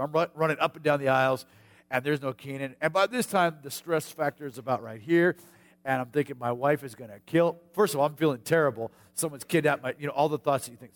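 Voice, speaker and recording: A middle-aged American man delivers a sermon in a folksy, storytelling way. His voice sits mid-range. He drops into quiet asides and breaks into sudden loud calls. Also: medium pitch. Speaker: pastor.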